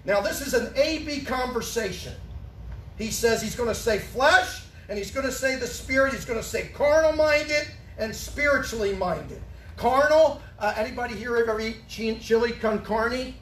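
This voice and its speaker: A man preaching in a roomy church, his voice very high and heard from some distance off the mic. He fires questions at his congregation and drives his points home emphatically, rising to a shout at times. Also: lively intonation, normal speed, a little hiss or hum. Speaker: pastor. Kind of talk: sermon. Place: church sanctuary. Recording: echoey room, far from the mic.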